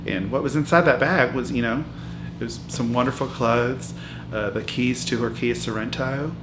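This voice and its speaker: A man's voice: medium pitch, moderate pace, background noise, natural voice. A man playing a brash 66-year-old woman who lives in a hotel, telling her life story in a meandering mockumentary interview full of fillers and restarts. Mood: rambling. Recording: echoey room with loud music underneath.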